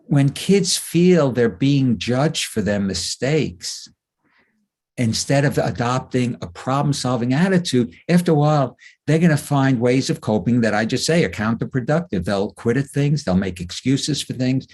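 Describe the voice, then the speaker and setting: A man's voice: medium pitch, a little slow. A man, a clinical psychologist, giving a webinar talk full of anecdotes and acting out quotes. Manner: animated storyteller who acts out quotes. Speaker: clinical psychologist, guest speaker.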